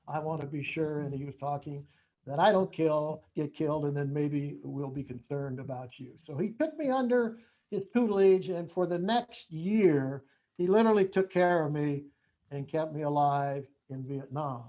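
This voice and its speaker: A man's voice: on the high side, moderate pace, mellow. A man in his seventies telling a personal story to an audience in a folksy way, acting out remembered dialogue. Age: 70s. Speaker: veteran speaker. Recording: dull lo-fi recording.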